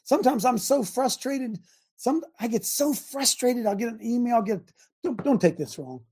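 A man hosting a call-in talk show, preaching with big swings from shouting to muttering. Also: moderate pace, breathy edge. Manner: animated, swings from loud shouting to low mutters. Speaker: host.

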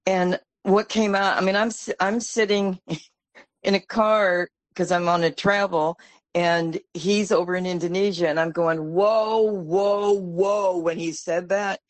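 A woman's voice: lowish voice, fairly even intonation, measured pace, no echo. A woman calling in to a talk show, telling a story in a chatty, casual way. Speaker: caller. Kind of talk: casual chat.

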